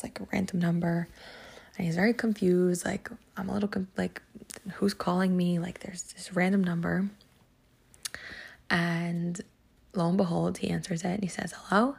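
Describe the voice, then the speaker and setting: Her voice is lowish, gravelly, husky, and dark in tone. As a podcast host teaching Psalms, she tells a story in a casual, chatty lesson packed with fillers like "like" and "um."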